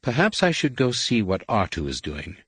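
A man's voice: mid-range voice, huge pitch swings, normal speed, a bit bright, breathy edge, dry recording, pitched above the performer's own voice, exaggerated voice. A man reading an audiobook, voicing a fussy, anxious golden protocol droid in a prim, fretful, exclamatory way. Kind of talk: audiobook character voice.

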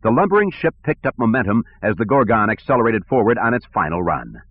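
A man narrating an audiobook in a steady, measured way, on a tinny recording. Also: on the low side. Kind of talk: scripted narration. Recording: tinny phone-like sound.

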